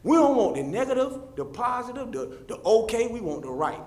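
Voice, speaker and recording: A man's voice: very high voice, big pitch swings, fairly quick, a little mellow. A man giving a fervent, repetitive public comment that speaks straight to the officials. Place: city meeting chamber. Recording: roomy echoey chamber.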